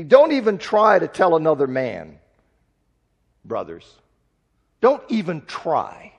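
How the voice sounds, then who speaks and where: Husky high-voiced preacher in a hall. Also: male voice. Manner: urgent, exhorting, direct address to congregation. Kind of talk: sermon. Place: church sanctuary. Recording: long echo in a large hall.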